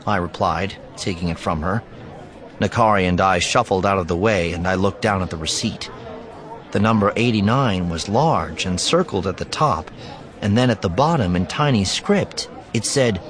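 Man, low voice, lively pitch, dry wry story narration. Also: normal speed, some chatter behind. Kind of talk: first-person story narration.

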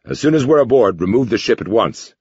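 A man voicing a brisk male army major giving firm, clipped instructions in a dull lo-fi recording. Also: medium pitch, lively intonation, darkish tone, slightly rough, no echo, pitched above the performer's own voice. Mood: urgent.

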